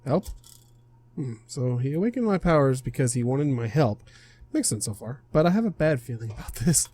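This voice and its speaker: This young man streams games and reads a visual novel aloud casually, stumbling, laughing, and self-correcting along the way. His medium-pitched voice is husky and dark in tone, very animated and fairly quick.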